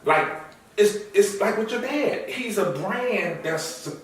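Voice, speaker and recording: A man's voice: sits high, slow, a little hiss or hum. A middle-aged man as an interview guest, chatting casually and telling stories animatedly. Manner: animated storyteller, acts out quoted lines. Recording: echoey room, far from mic.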